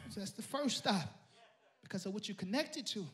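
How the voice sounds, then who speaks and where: A male pastor a sermon, telling a story and building to shouted praise. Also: high voice, expressive, normal speed, music in the background, a crowd in the background.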